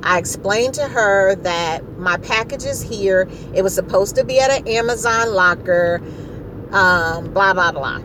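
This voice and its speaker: A middle-aged woman telling a story in a casual, animated way, exasperated and repeating herself for effect. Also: medium pitch, a little slow, noisy background.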